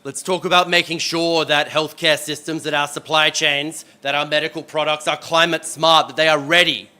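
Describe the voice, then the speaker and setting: A man's voice: on the high side, normal speed, clean tone. Upbeat Australian man moderating a panel. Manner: energetic, self-deprecating, joking. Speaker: event moderator.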